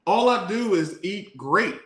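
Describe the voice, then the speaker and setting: A man co-hosting a relationship podcast, playfully defending himself and telling animated stories. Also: sits high, unhurried. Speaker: podcast co-host. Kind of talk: casual couple banter. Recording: echoey room.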